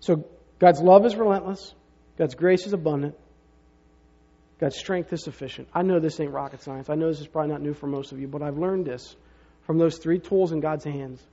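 Guy preaching a sermon, chatty storyteller, high voice, kinda dull lo-fi sound. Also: moderate pace, dark tone. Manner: conversational storytelling with rhetorical asides. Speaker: pastor. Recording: reverberant hall, dull lo-fi sound.

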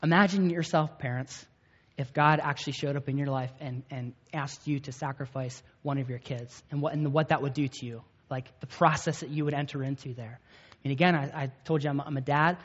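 A man's voice: medium pitch, steady tone, brisk, husky. A man in his thirties preaching a sermon in a conversational, storytelling way, often checking in with the listeners. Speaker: pastor. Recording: echoey hall, dull lo-fi sound.

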